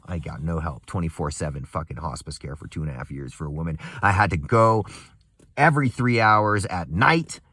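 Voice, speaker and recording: Young man, low voice, bitter profane ranter, very animated pitch, dry close sound. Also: slightly rough, no room sound. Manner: angry, profane, bitter laughter; swings from muttering to raised voice. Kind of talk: casual rant.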